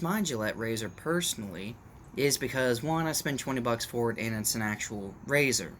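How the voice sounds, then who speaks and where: A man's voice: mid-range voice, lively intonation, moderate pace, a bit bright, a little hiss or hum. A man talking casually to his viewers in a rambling opinion rant, with restarts and asides, recorded at home on a camera mic. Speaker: vlogger. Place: at home in the morning, dog nearby.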